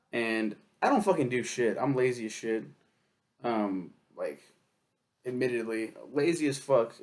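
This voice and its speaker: A man's voice: medium pitch, creaky. A young man telling a rambling, profane story in a casual vlog, laughing often. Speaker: book reviewer.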